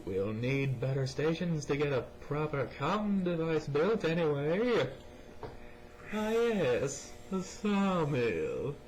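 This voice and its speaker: A man's voice: animated, takes it slowly, a little mellow. A young man gives goofy let's play commentary on a cheap early mic, reading game lines aloud while his voice jumps around. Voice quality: goofy, pitch jumping around. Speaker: gamer.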